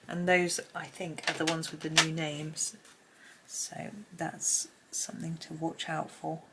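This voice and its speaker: A woman giving a casual colouring tutorial at home, chatty and rambling, often dropping into soft asides under her breath. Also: on the low side, vocal fry, a little hiss or hum. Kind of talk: casual colouring tutorial, talking while drawing. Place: home room with pencils scratching on paper.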